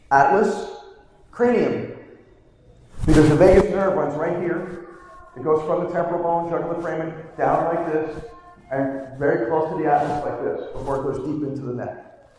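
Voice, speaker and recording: Man lecturing in an echoey hall. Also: fairly high pitch. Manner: lively teaching, asks the audience questions, repeats key terms. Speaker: chiropractor giving a talk. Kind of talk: live conference presentation. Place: large hall before a live audience. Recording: echoey hall, mic from far off.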